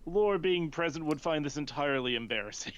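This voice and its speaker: A man's voice: a little high, animated, a little fast, a bit bright, clear, resonant tone, highs cut off. A man playing a tabletop game who giggles and laughs often as he describes his character. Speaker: player.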